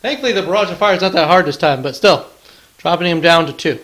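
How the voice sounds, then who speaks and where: A man's voice: on the high side, fast, a bit bright, low-quality recording. A man hosting a tabletop wargame battle report, chatting casually through the play, counting dice aloud and throwing in playful taunts.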